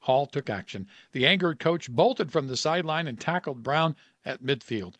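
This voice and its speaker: A man's voice: a little high, lively intonation, normal speed, a bit bright, dry recording. A man in his sixties, co-hosting a radio show and reading odd sports stories in a dry, chuckling way. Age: 60s.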